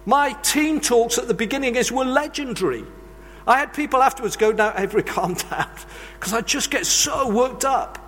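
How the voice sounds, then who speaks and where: A man's voice: extremely high pitch, moderate pace, fairly bright tone, a little hiss or hum. A man preaching a sermon, telling earnest, confessional stories from his own life. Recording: long reverb of a large hall.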